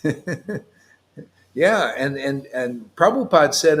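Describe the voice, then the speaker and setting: A man's voice: a little high, expressive, takes it slowly, a bit bright. A man leading an informal devotional talk, reading scripture aloud, explaining it playfully and laughing often. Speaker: spiritual teacher.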